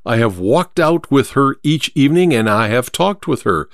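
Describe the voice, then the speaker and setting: A man reading an audiobook, voicing a cool, confident male detective who speaks in a crisp, amused, measured way. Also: mid-range voice, very animated, dry recording, studio quality.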